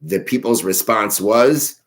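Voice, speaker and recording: A very deep-voiced man leads a daily Mishnah study. He reads each Hebrew phrase aloud, then translates and explains it. He often stops mid-sentence to rephrase. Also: slow pace, poor audio. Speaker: teacher of a daily Mishnah class. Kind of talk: religious text study lesson.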